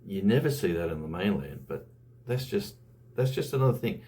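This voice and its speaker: A man's voice: on the low side, very animated, normal speed, mellow. An Australian man talking casually to camera in a vlog, rambling and conversational with lots of fillers. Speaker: YouTuber.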